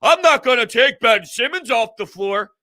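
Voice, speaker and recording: Man mimicking a dismissive coach, condescending, mocking, raised pitch, bright sharp tone. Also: expressive, moderate pace, full character voice. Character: dismissive older male coach brushing off fans.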